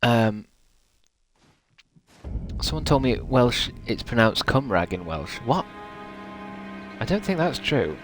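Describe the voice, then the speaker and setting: Male streamer, middle pitch, casual rambling chat over gameplay, swears at mishaps. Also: sing-song, takes it slowly, pauses often, over music. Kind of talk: casual live-stream chat while gaming.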